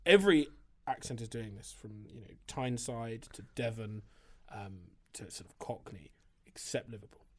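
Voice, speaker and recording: A man's voice: on the low side, steady tone, moderate pace, darkish tone, husky. A man who is a priest and writer, answering interview questions in a thoughtful, discursive way, with frequent hesitations and restarts. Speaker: priest and writer, podcast guest.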